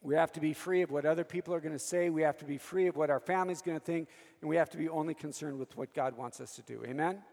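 High-voiced gravelly priest preaching. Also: male voice, fast talker, a little mellow, long reverb tail. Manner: storytelling, calls for "Amen?" from the audience. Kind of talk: sermon with personal stories.

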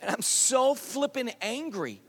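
A man in his thirties, a worship leader, telling a personal story in earnest and dropping to a hushed tone at emotional points. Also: extremely high pitch, sing-song, a little slow, breathy edge. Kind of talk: storytelling sermon at a worship service. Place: large worship hall. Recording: live hall reverb with guitar music.

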